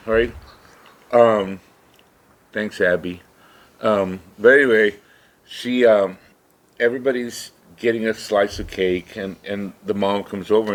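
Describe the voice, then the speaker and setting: A middle-aged man co-hosting a podcast, telling a story in a casual rambling way, with many "right?" asides. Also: on the low side. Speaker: podcast co-host. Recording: faint background noise.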